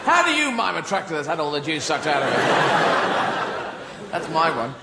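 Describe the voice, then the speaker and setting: Rambling, high-voiced comedian. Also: male voice, big pitch swings, a little slow, a loud crowd. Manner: rambling, surreal, loses his thread. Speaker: stand-up comedian. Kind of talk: stand-up comedy. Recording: live stand-up with loud background noise.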